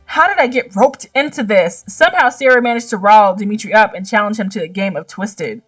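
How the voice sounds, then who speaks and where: A young woman gaming YouTuber reading a visual novel aloud, breaking off with slangy, animated reactions. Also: mid-range voice, brisk, recorded from a distance.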